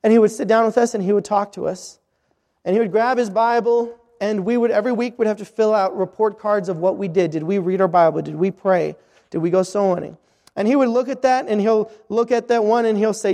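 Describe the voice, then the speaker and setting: Earnest high-voiced man preaching in a reverberant hall. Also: fairly even intonation, a little fast, warm tone. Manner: earnest, repetitive, with frequent restarts. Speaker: missionary preacher. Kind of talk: sermon.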